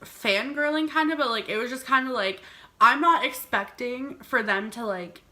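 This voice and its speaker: A woman's voice: a little high, moderate pace, bright, forceful tone. A young woman vlogger telling a storytime, chatty and giggly, saying "like" all the time. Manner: chatty, heavy use of "like", giggly. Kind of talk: storytime vlog.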